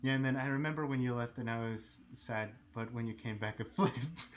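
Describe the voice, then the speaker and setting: A man's voice: mid-range voice, fairly quick. A man chatting casually on a live stream while he sketches. He laughs often and slips into silly voices.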